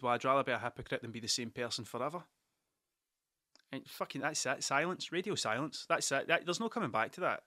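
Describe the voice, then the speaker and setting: Sweary Scottish man, bright voice. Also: fairly high pitch, no room sound, studio quality. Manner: sweary, rambling, animated. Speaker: podcast host. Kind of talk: casual monologue storytelling.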